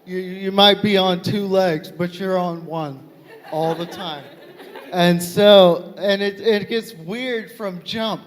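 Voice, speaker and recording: A high-voiced man works a live crowd in a stand-up set, telling stories at an unhurried pace and bursting into loud, profane punchlines. His voice rings with the long reverb of a big hall, and light audience laughter rises behind him. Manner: profane, animated storytelling with loud comic outbursts. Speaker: stand-up comedian. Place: large live venue with audience.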